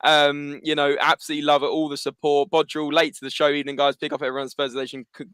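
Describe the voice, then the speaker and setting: A man co-hosting a casual livestream chat, excitable and reading out chat messages. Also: fairly high pitch, fast talker, clean tone. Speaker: co-host.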